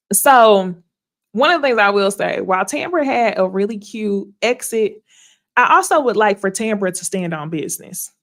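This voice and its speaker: A woman hosting a casual reality TV recap, animated and blunt, swearing freely and laughing often. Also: medium pitch. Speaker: host.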